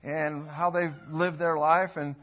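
A middle-aged man preaching a sermon in a folksy, rambling way, rising to loud bursts when he quotes. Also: a little high, level tone, slow.

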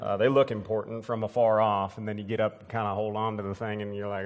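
A man's voice: on the low side, level tone, fast talker, few pauses. A pastor preaching a sermon in his church, folksy and rambling, full of restarts, and building up to emphatic preaching. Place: church sanctuary.

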